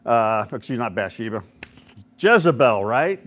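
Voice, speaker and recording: A man's voice: mid-range voice, sing-song, normal speed, fairly bright tone. A middle-aged man, a pastor, gives an informal devotional talk at a men's breakfast, often checking in with listeners and retelling stories with quoted voices. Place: church hall at a men's breakfast. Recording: dull lo-fi recording.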